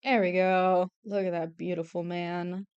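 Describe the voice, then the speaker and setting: A woman's voice: fairly low pitch, flat delivery, a little slow, a little mellow, smooth, no room sound, lo-fi sound. A young woman streaming her drawing, chatting casually in a rambling, self-deprecating way and laughing often. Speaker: streamer and artist. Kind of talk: casual chat while drawing.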